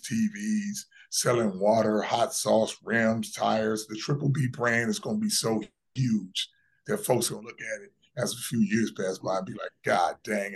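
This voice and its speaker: A man's voice: fairly low pitch, vocal fry, husky. A man in his fifties talking as a guest in a casual interview, brash and boastful, with emphatic delivery. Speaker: podcast guest.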